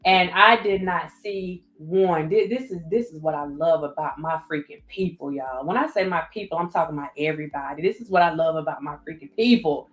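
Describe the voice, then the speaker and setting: A woman's voice: low-pitched, fairly quick, hardly any pauses. A woman with a Southern US accent hosting a casual livestream, reading viewer comments and thanking people by name again and again. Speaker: livestream host. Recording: roomy echo with faint music.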